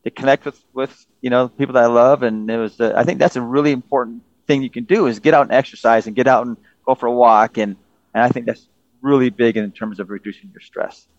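A man's voice: medium pitch, fairly even intonation, quick pace, dry recording, highs cut off. A man co-hosting a podcast, telling a personal story in an earnest way. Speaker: podcast co-host.

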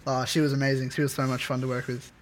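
A man speaking as a podcast guest, his voice mid-pitched and quite flat. He talks easily, leaning on likes and ums as he goes. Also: fast talker, over a noisy crowd. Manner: easygoing, uses 'like' and 'um' often. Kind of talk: casual podcast chat.

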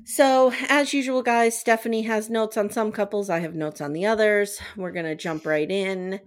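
A woman hosts a casual recap chat in her own everyday voice, middle-pitched and plain. She is blunt and jokey, and she laughs easily between her points. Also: fairly even intonation, normal speed. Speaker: podcast host.

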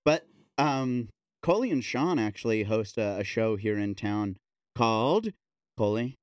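A man's voice: lowish voice, expressive, a little slow, dry recording, muffled recording. A man hosting a casual podcast chat, joking around and laughing easily with his guests. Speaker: podcast host.

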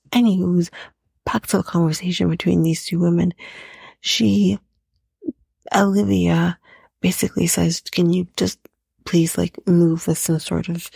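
A woman's voice: on the low side, vocal fry, darkish tone, breathy edge, no echo. A young woman hosting a podcast, recapping a reality show in a profane, opinionated rant. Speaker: podcast host.

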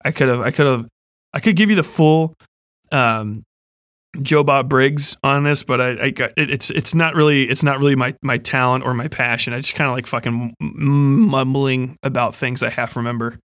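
A man's voice: medium pitch, fairly even intonation, moderate pace, a bit bright, no room sound, clean studio sound. A young man hosting a casual horror review chat, rambling, swearing a lot and laughing often. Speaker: podcast host.

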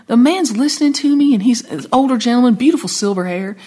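A woman with a Southern US accent, a songwriter guest chatting and telling animated stories with laughs. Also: fairly high pitch, quick pace, slightly rough. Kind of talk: casual storytelling chat.

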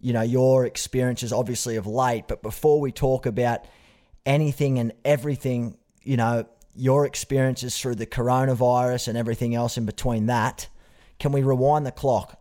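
Australian man, podcast host, earnest, chatty, mid pitch. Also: fairly even intonation, normal speed. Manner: warm, earnest, says mate often. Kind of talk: casual podcast interview.

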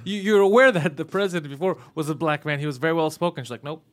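A man with a somewhat high voice hosts a loose comedy podcast. He talks in quick, casual banter and laughs a lot. He drops in mocking impressions of other people. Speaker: podcast host. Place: podcast studio.

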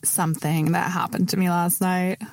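A young woman co-hosting a podcast, telling stories in a chatty, animated way with frequent laughs. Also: fairly low pitch, moderate pace, no echo. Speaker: podcast co-host. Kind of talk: casual chat.

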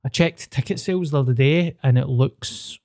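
A Scottish comedian chats on a podcast in a relaxed, joking way with a dry sense of humour. His voice sits close and dry on the mic, with no room sound. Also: medium pitch, normal speed, no room sound. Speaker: comedian guest. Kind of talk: casual podcast chat.

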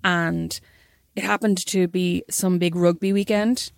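A young Irish woman telling a story in casual chat, animated and swearing freely. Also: fairly low pitch, measured pace, vocal fry, no echo, studio quality. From Ireland.

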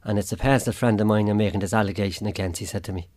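A man's voice: on the low side, fairly even intonation, very fast, darkish tone. An Irish man giving a plain spoken account as an interview guest, acting out what others said to him. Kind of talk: personal account in a radio interview.

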